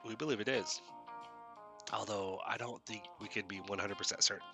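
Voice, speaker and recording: A man's voice: on the low side, fairly even intonation, normal speed, vocal fry, over music. A man voicing a polite, earnest young woman student who says ma'am and sir and often restarts her sentences.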